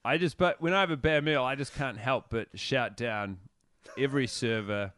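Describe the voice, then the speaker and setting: A man's voice: mid-range voice, moderate pace, noisy background. A man in casual podcast chat, wry and profane as he riffs on travel and everyday life.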